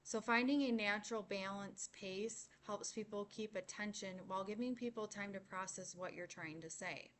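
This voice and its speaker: A young woman giving a class presentation, explaining points in a measured way and slowing on key words. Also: medium pitch, a bit bright. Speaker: student presenter.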